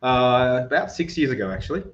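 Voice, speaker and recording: A man in his forties, from Moldova, with an Australian accent, talking as a podcast guest in a relaxed, hesitant way with many fillers. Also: mid-range voice, a little fast. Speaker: podcast guest, business founder. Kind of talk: casual interview chat. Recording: dull lo-fi audio.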